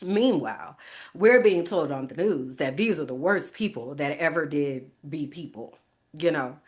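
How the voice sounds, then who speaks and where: American lady hosting her podcast, telling her own story, really animated, acts out what she said back then. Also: low voice, measured pace. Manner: animated, laughing often, acting out her own reactions. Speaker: podcast host. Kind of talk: personal storytelling.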